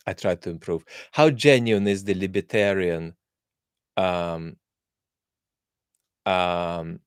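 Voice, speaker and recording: Hosting a live question-and-answer session, a man born in Russia thinks out loud and responds to viewers, often saying um and restarting. He has a low, clear, resonant voice captured in clean studio sound without room tone.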